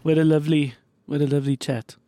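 A man hosting a podcast, chatting in a relaxed, reflective way. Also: on the high side, fast talker, dry recording, clean studio sound. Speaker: podcast host. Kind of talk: casual podcast chat.

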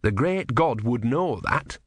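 A man's voice: mid-range voice, lively intonation, takes it slowly, breathy edge, no room sound, studio quality. A man voicing an earnest, naive young male novice monk who is devout and proud of his faith. He speaks in an eager, preachy way.

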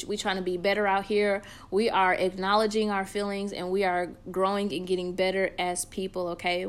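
Woman podcast host, casual, emphatic, encouraging, mid-pitched voice. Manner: encouraging, emphatic, sermon-like repetition; casual slangy address to listeners. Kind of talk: solo podcast talk.

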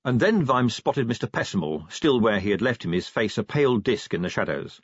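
A man narrating a comic fantasy novel in a wry, lively storytelling manner. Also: mid-range voice, brisk, breathy edge, no room sound, highs cut off. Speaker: audiobook narrator.

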